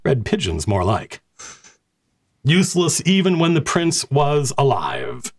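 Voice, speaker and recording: A man's voice: medium pitch, wildly swooping pitch, slow, slightly rough, pitched above the performer's own voice, exaggerated voice. A man playing a sneering knight commander. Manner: sneering, condescending. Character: arrogant, scornful male knight commander in armor. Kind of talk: tabletop game role-play.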